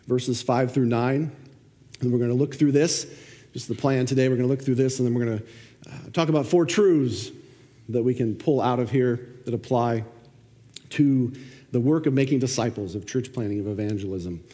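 A man preaches a sermon, reading scripture aloud and then unpacking it through questions. His mid-range voice is warm, and the recording carries the long reverb of a church hall.

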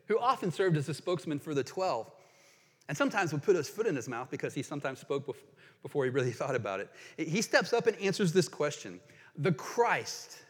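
Pastor guy preaching, kinda high voice, earnest and emphatic, big echoey church hall. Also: fairly bright tone, husky. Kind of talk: sermon. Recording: long hall reverb.

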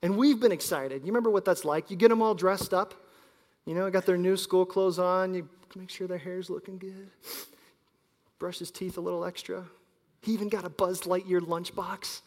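Pastor guy in his 30s preaching, storytelling style, goes loud then hushed, echoey church hall. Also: high-pitched, fairly even intonation, normal speed. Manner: storytelling preacher, shifts between loud emphasis and quiet. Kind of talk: sermon. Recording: long hall reverb.

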